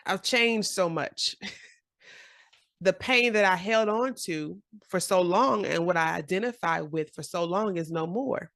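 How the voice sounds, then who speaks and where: A woman in her forties giving a casual, encouraging motivational talk to camera, animated and often laughing. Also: lowish voice, unhurried, creaky, no echo, clean studio sound. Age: 40s. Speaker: journaling vlogger.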